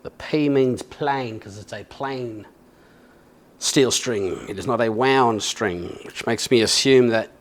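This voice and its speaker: An Australian vlogger with a mid-range voice talks slowly while restringing a guitar. He rambles casually, occasionally swears, and is self-mocking.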